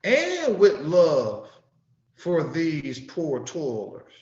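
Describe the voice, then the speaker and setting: A man teaching Sunday school as a sermon, preaching slowly and emphatically with sudden rises and soft drops. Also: a little high, wildly swooping pitch. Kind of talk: sermon-style scripture teaching. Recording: roomy, dull lo-fi recording.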